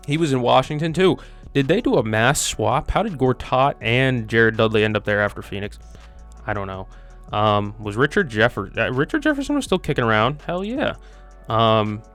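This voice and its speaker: A man's voice: fairly low pitch, a bit bright. A young man hosting a quiz video, chatting casually and thinking aloud with lots of ums and self-mocking asides. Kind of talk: casual commentary while playing a quiz.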